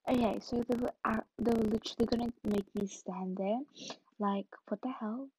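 A woman's voice: fairly high pitch, steady tone, normal speed, a little mellow, breathy edge, no room sound. A tired young woman hosting her own podcast, telling a story in a rambling casual way full of fillers, sometimes dropping to a whisper. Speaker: podcast host. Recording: muffled lo-fi recording.

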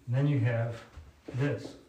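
A man giving a sermon to a congregation, unhurried and conversational, thinking aloud with restarts while drawing on a board. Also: mid-range voice, fairly even intonation, dark tone, a little hiss or hum. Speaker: preacher.

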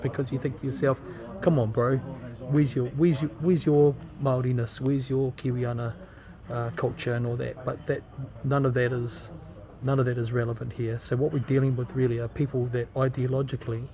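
A man with a New Zealand accent giving a casual, earnest video update from an airport terminal, speaking in a halting, indignant way. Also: mid-range voice, vocal fry, dark tone. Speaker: campaign leader posting a video update. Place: airport terminal, waiting on a delayed flight. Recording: crowd chatter behind.

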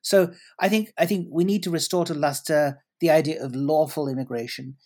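A man's voice: a little high, steady tone, brisk, darkish tone. A man answering interview questions at length, articulate and elaborate, often restarting his sentences. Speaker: guest commentator.

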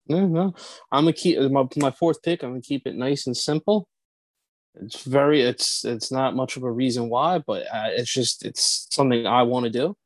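A man's voice: mid-range voice, moderate pace, no room sound. Podcast co-host, jonge man, middelhoge stem, ontspannen en wat aarzelend, droge opname zonder galm. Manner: laid-back, hesitant, soft-spoken. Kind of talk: casual podcast banter.

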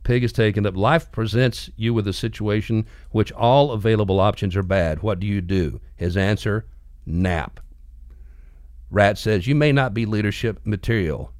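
A man's voice: on the low side, steady tone, unhurried, darkish tone, no room sound, clean studio sound. A middle-aged man hosting a radio talk show, telling stories and acting out the voices of comic strips. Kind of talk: casual on-air talk.

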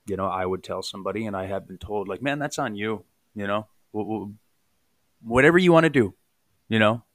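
A man's voice: lowish voice, fairly bright tone, dry recording. A man in recovery telling his story in a candid, raw podcast chat, swearing casually.

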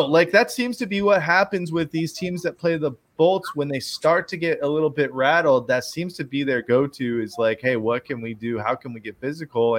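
A man hosting a casual hockey chat, relaxed and talkative with plenty of fillers. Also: fairly high pitch, no room sound. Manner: relaxed, chatty, many fillers. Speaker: host of a hockey stream.

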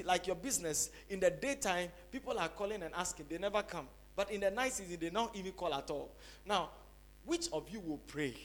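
A pastor delivers his sermon in a high, ringing voice with a sharp, bright edge. He lifts to near-shouts on the big moments and then sinks to soft, confiding asides. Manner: preaching with dramatic rises to shouting and drops to soft asides.

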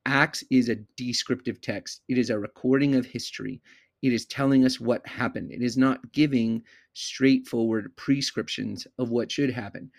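Deliberate male Bible teacher. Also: medium pitch, fairly even intonation, gravelly. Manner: measured, deliberate, slows down to stress key words. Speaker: podcast host teaching the Bible. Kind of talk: expository Bible teaching monologue.

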